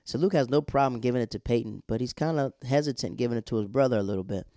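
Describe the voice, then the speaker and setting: A man's voice: mid-range voice, fast, mellow, dry recording, studio quality. A man casually recapping a TV episode in a slangy, laid-back storytelling way.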